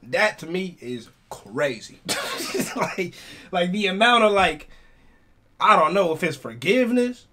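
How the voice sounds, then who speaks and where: A man reacting to a clip in casual commentary, his fairly high voice swinging up and down with life. He thinks aloud, halting and stacking fillers as he goes. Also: sing-song, pushed and bright. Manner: musing, halting with many fillers. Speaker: reaction video host.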